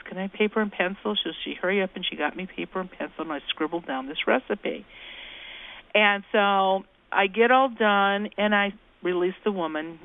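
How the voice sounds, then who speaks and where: A woman guest telling folksy ghost anecdotes in an interview, acting out the voices she quotes, heard over a phone call. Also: lowish voice. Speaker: guest, ghost-talking cookbook author. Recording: tinny phone line.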